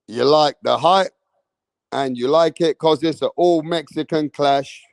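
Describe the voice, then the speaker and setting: A young British man hosting a boxing live stream, talking in slangy, animated bursts straight to his chat. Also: mid-range voice, takes it slowly, gravelly, no room sound. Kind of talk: casual live-stream commentary.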